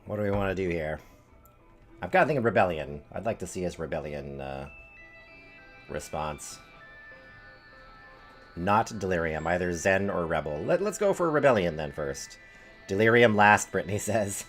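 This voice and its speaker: A man's voice: low-pitched, expressive, moderate pace, pauses often, a bit bright, soft background music. A man live-streaming a story game, chatting and thinking aloud with fillers as he decides what to do. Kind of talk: casual live-stream commentary.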